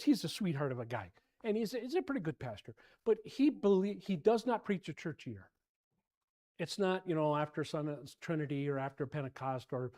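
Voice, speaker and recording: A man's voice on the high side carries through an informal Bible lesson in a church. He wanders from point to point with lively energy, often repeating himself and sounding fed up.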